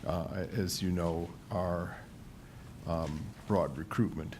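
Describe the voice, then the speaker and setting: A man at a committee meeting speaks in a very low, deep voice. He explains draft wording in halting, stammering phrases over a faint rumble. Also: steady tone. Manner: halting, reads wording slowly. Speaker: committee member. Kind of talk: formal meeting discussion.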